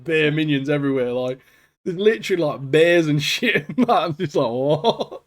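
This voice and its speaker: A man co-hosting a podcast in casual chat, excitable and dropping "mate" into nearly every sentence. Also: on the high side, a little fast. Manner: excitable, says "mate" constantly, trails off quietly at phrase ends. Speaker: podcast co-host.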